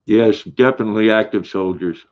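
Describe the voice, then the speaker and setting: Older male livestream host, low and folksy, reading comments over muffled lo-fi audio. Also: brisk. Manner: folksy, repeats words while reading chat aloud. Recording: dull lo-fi stream audio.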